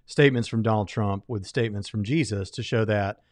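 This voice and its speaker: A man's voice: fairly low pitch, a little fast. A man co-hosting a podcast, arguing his point step by step in casual commentary. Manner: argumentative, builds a case step by step. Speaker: podcast co-host.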